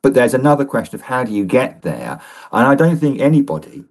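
A man from a think tank, a guest on a live radio interview, speaking in a thoughtful, measured, lightly wry way. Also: mid-range voice, sing-song, darkish tone.

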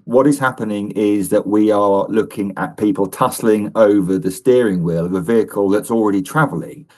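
Very low-voiced man, thoughtful analyst guest, measured with bursts of emphasis. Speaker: think-tank fellow, guest. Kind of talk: radio interview answers.

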